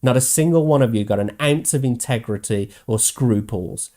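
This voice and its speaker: An angry man rants on his own show, swearing almost every line. His voice sits at a middling pitch and jumps up when he mocks the people he is quoting. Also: moderate pace, dark tone. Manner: angry, profane ranting, swears constantly; mocking put-on quotes in a higher voice. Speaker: host. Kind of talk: ranting commentary.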